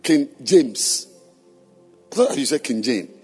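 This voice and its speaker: A man preaching to church leaders, questioning members of the congregation and then shouting his points. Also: medium pitch, sing-song, takes it slowly, slightly rough, faint music behind. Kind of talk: sermon. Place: church hall.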